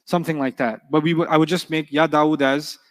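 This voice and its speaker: A man teaching an Arabic grammar class, lively and animated, often checking with his students. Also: a little high, brisk, in a large hall.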